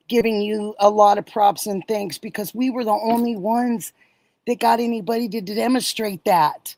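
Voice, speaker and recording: A middle-aged woman from Oregon hosting a casual livestream, warmly thanking viewers and answering chat messages. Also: medium pitch, unhurried, no echo, rough recording. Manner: warm, gushing, reads and answers chat messages. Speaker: livestream host.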